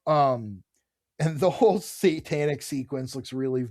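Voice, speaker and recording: A man's voice: mid-range voice, measured pace, a little mellow, dry recording, clean studio sound. A man co-hosting a podcast, chatting casually and enthusiastically about comic books, reading bits of dialogue aloud. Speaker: podcast co-host. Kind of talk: casual comic book discussion.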